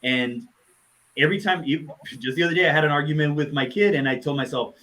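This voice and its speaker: A man speaking heartfelt words in memory of a friend during a live online session, pausing often and restarting his sentences. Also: on the high side, pushed and bright, poor audio. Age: adult, parent of a nine-year-old. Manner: heartfelt, halting with many restarts and fillers. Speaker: tribute speaker.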